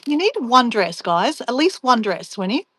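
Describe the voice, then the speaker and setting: Chatty woman, bright voice. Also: a little high, very animated, moderate pace, breathy edge. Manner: chatty and playful, laughs often, talks to herself while packing. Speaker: travel vlogger. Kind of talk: casual livestream chat reading viewer comments.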